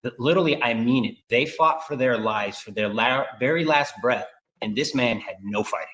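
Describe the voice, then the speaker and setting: A man's voice: mid-range voice, normal speed, rough recording. A man, a victim's father, speaking intensely as a guest in an interview. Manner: intense, forceful statements.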